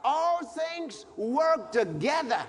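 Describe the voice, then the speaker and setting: A male pastor preaching a sermon, repeating phrases, breaking into shouts and reciting scripture in old-fashioned wording. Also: very high voice, very animated, takes it slowly, long reverb tail.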